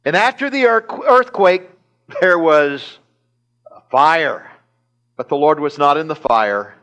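A man's voice: on the high side, lively intonation, takes it slowly, a bit bright. A man preaching a sermon in church, retelling a scripture story animatedly with chuckles and repeated phrases. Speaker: pastor. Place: church service.

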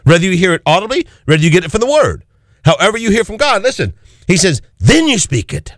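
A man's voice: high-pitched, big pitch swings, fast talker, no room sound, clean studio sound. A man preaching an impassioned sermon, quoting scripture and acting out the voices of doubters.

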